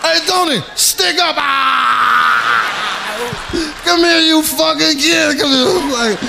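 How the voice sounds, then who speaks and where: A male comedian putting on a rough, amused mafia boss who shouts coarsely and laughs at a kid during a stand-up impression. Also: very high-pitched, slow, over a noisy crowd, heavy background noise, pitched above the performer's own voice, exaggerated voice. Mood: amused, shouting.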